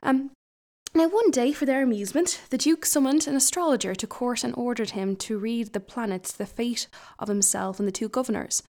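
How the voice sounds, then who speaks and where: A woman's voice: on the high side, brisk, darkish tone. A woman reading a folk tale aloud, breaking off now and then for chatty asides. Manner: chatty asides between passages. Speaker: storyteller.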